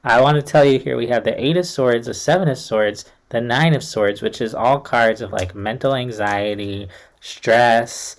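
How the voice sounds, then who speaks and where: A man's voice: medium pitch, moderate pace. Chatty young man giving a tarot reading. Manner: chatty, reassuring, uses many fillers like "like" and "kind of". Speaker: tarot reader. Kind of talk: casual tarot reading to camera.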